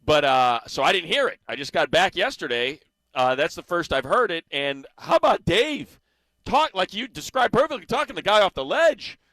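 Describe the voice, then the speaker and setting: A man's voice: sits high, very animated, moderate pace, a bit bright, dry recording. A man co-hosting a sports radio show, chatting casually and reacting with laughs. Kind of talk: casual sports talk banter.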